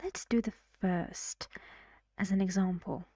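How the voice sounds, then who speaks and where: A woman's voice: mid-range voice, fairly even intonation, measured pace, mellow, no room sound, clean studio sound. A woman who is a native Persian speaker, teaching English pronunciation in a recorded lesson, explaining carefully and often asking the learner questions.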